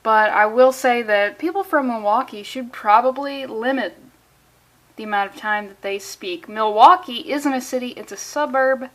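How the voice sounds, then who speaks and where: A woman with a high voice riffs through a comic book review, sarcastic and rambling. She tosses off deadpan jokes in casual, unscripted commentary. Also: normal speed. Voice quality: sarcastic, rambling, jokey asides.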